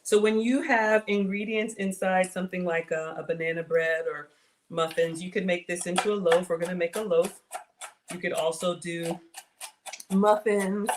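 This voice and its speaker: Hosting a casual cooking livestream from her kitchen, a Southern-accented woman talks to viewers in a chatty, self-deprecating way. Her voice is lowish and steady at normal speed, over slight background noise.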